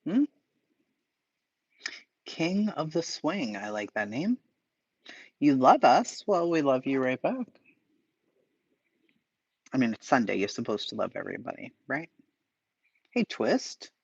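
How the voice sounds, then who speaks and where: A man's voice: medium pitch, sing-song, slow, creaky, long pauses, breathy edge, dry recording, highs cut off. A man hosting a casual livestream, reading chat aloud with profane, sarcastic asides and mutters. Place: home, dogs barking nearby.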